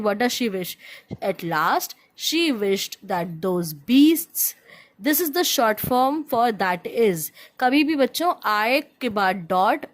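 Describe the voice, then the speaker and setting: A woman with an Indian accent teaching a class of young children, patiently repeating instructions, spelling words out and switching between English and Hindi. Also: on the high side. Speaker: primary school teacher.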